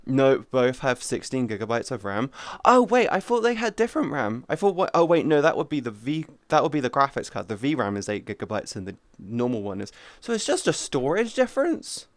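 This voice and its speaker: A man's voice: medium pitch, big pitch swings, brisk, hardly any pauses, dry recording. A young adult man chatting casually on a live stream, rambling, swearing freely and restarting his sentences. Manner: rambling, profane, restarts often.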